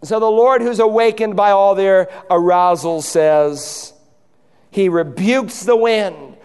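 Male pastor, high resonant voice, impassioned sermon delivery, big reverberant church. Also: a little slow, a little mellow, clear, resonant tone. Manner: impassioned preaching, acting out quoted voices. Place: church sanctuary.

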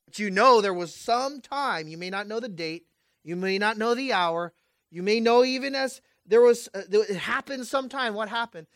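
A man preaching a sermon with passion, swinging between loud urgent peaks and hushed asides, and throwing rhetorical questions at his congregation. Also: high voice, normal speed, no echo, clean studio sound.

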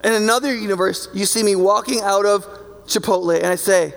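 A man's voice: high-pitched, brisk, creaky, long reverb tail. A man preaching a sermon in a conversational, emphatic way, often checking in with his listeners. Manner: conversational and emphatic, keeps asking "right?".

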